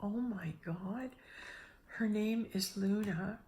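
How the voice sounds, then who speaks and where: A middle-aged woman giving a casual spiritual talk, telling a personal story with lively restarts and acted-out inner voices. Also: medium pitch, slow. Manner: animated, restarts often, acts out her own inner voices. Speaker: spiritual speaker.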